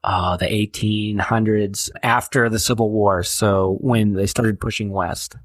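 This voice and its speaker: A man's voice: on the low side, steady tone, measured pace, no echo. Joking, foul-mouthed American man. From New Hampshire, USA. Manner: laughing, profane, joking. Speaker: race director, podcast guest. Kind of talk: casual interview chat.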